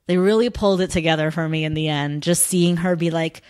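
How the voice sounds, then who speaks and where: A woman's voice: steady tone, a little fast, darkish tone, clear, resonant tone. A young woman co-hosting a casual podcast, chatting and recapping a TV episode, filling her talk with "like" and acting out the characters' lines. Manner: chatty, lots of "like", acts out characters' lines in a higher voice. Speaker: podcast co-host.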